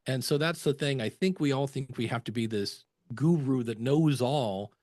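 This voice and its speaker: A man guesting on a podcast, telling relaxed stories and acting out quotes from other people. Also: medium pitch, moderate pace, dry recording, studio quality. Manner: chatty anecdotes with acted quotes. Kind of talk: conversational interview storytelling.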